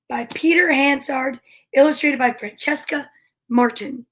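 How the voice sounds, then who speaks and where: A woman's voice: high voice, measured pace, pauses often. A woman hosting a children's storytime, chatting and reading a picture book aloud in a bubbly, friendly way. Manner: bubbly and chatty, talks straight to young listeners.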